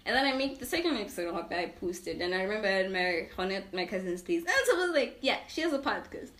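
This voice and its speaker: A young woman chatting casually as a podcast guest, animated and self-deprecating, often laughing. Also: medium pitch, quick pace. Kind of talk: casual interview chat.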